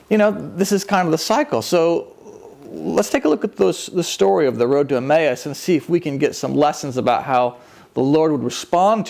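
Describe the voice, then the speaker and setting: A man's voice: mid-range voice, vocal fry, darkish tone. A man preaching a conversational sermon, telling the story with animation and acting out the people in it. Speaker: pastor.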